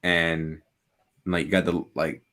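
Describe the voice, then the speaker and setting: A young man co-hosting a podcast in casual chat, excitable, saying "like" constantly and laughing often. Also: low-pitched, slow pace. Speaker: podcast co-host.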